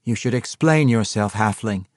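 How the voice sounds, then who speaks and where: A man's voice: lowish voice, normal speed, no room sound, studio quality, natural voice. A man voicing a strong, stern female warrior who speaks in short commands.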